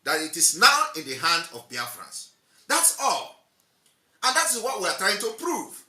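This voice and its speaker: A man from Nigeria delivers a combative political monologue, firing off rhetorical questions and repeating his points. His voice is very bright and cutting, with wide, animated swings in pitch. The sound is roomy and echoey. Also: normal speed. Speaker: political commentator.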